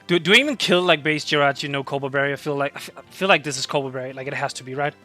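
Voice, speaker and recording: A man commentating his own game battle, excitable and breaking into shouts and disbelieving laughter. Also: on the high side, very fast, faint music behind. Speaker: gaming youtuber.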